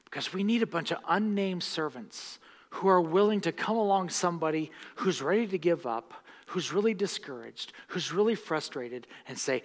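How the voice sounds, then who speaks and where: A man preaching a sermon as pastor, impassioned, swinging from hushed words to loud bursts. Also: fairly high pitch, expressive, moderate pace. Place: church sanctuary. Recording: long reverb of a church hall.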